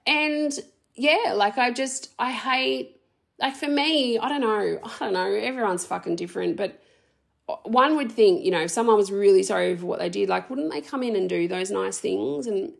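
A woman's voice: mid-range voice, moderate pace, vocal fry. A woman in her thirties speaking in a raw, emotional personal vlog, swearing heavily and rambling through restarts. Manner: rambling, restarts, many fillers. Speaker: vlogger.

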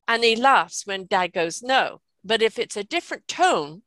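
Older woman, grandmother, bright voice, dry close sound, animated, video call chat. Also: mid-range voice, moderate pace, no echo. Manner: animated, acts out scolding tones. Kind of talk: casual chat.

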